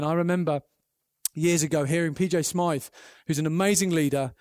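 Male preacher, high-pitched, animated storyteller, dry close sound. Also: moderate pace, no room sound. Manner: earnest, animated storytelling with acted quotes. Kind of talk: sermon.

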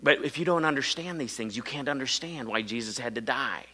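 A middle-aged man from Iowa preaching a sermon, telling a story dramatically and swinging between loud emphasis and hushed low lines. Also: a little fast, hardly any pauses, low-quality recording.

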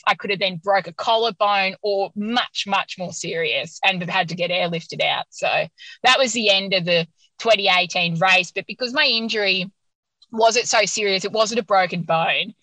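Woman, podcast guest, bright forceful tone, dry close sound, animated storytelling, frequent laughter. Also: medium pitch, dry recording, poor audio. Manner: animated, laughs often while telling. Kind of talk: casual storytelling interview.

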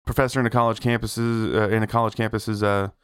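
A man co-hosting a gaming podcast, chatting casually and telling stories with lively acted-out quotes. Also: fairly low pitch, quick pace, smooth, no echo, clean studio sound. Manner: animated storyteller who acts out quotes. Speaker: podcast co-host. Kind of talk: casual chat.

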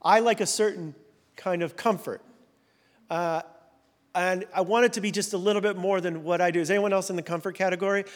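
Pastor, man, forties, slightly high voice, easy self-mocking humor, big echoing hall. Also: steady tone, brisk. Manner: conversational, self-deprecating humor. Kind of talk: sermon. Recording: long hall reverb.

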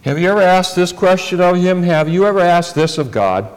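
A male preacher delivering a sermon, talking deliberately and putting rhetorical questions to his listeners. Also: sits high, lively intonation, smooth. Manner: deliberate, rhetorical questions to the congregation, repeats words.

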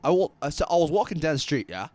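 A man doing a fake British accent as an excitable bloke rambling through a wild story. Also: on the high side, fast talker, pitched above the performer's own voice. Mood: animated.

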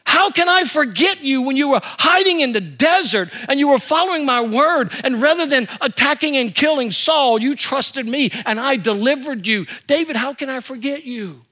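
A man's voice: very high voice, expressive, moderate pace, hardly any pauses, pushed and bright, voice pushed up, full character voice. A man voicing God as an all-knowing male deity in a sermon, speaking in emphatic, incredulous rhetorical questions.

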